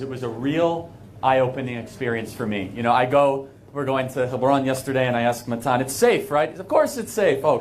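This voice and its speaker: An American man, a guest speaker, addresses a live audience in an event hall with an earnest, emphatic, conversational speech full of asides. His voice is medium-pitched, and the recording has a little hiss or hum.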